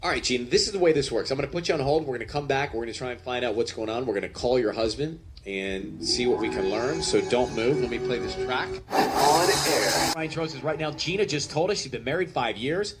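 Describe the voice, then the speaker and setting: A male radio host with a mid-range voice, brisk and upbeat. He reads listener mail and steers callers along in an easy, practiced way. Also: medium pitch, background noise. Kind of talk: radio show hosting.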